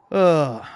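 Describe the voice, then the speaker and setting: Animated, swearing man ranting. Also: on the high side, smooth. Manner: animated profane ranting with stammered restarts. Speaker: commentary host. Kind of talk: reacting to online comics.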